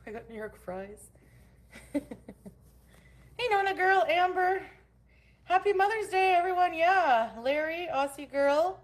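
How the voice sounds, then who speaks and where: A woman's voice: extremely high pitch, lively intonation, unhurried, pauses often. A woman hosting a casual livestream from home. She greets her chat viewers by name and goes on angry, profane rants. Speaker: livestream host.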